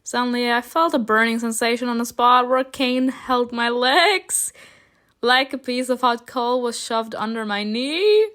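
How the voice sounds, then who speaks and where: A woman reading a story game aloud and reacting, excitable and gushing between lines. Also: a little high, a little slow. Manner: excitable, gushing, often laughing.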